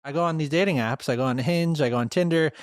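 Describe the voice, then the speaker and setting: A man's voice: on the high side, fast talker, dry recording, clean studio sound. A man hosting a podcast, posing questions in a casual, probing way. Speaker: podcast host.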